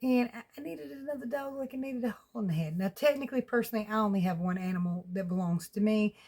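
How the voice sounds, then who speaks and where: A woman's voice: mid-range voice, quick pace, darkish tone. A woman with a Southern US accent rambling in a casual, folksy home vlog, often laughing. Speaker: vlogger. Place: at home with pets.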